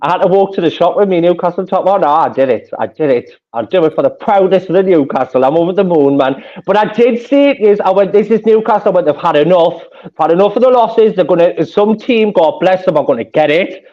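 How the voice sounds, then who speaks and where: High, gushing Geordie man. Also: animated, fairly quick, hardly any pauses. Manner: gushing, laughs often, chatty. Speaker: fan panelist. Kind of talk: excitable casual chat. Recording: muffled lo-fi audio.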